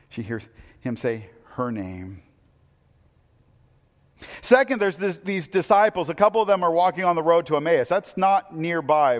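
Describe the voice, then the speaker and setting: A man preaching a sermon, telling the story with animated, acted-out quotes. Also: high voice, long reverb tail. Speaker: pastor.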